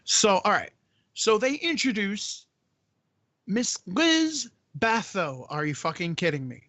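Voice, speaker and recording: A man's voice: high-pitched, sing-song, slow pace, sharp tone, dry recording. A man hosting a casual movie-riff chat, ranting and swearing in exasperation. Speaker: podcast host.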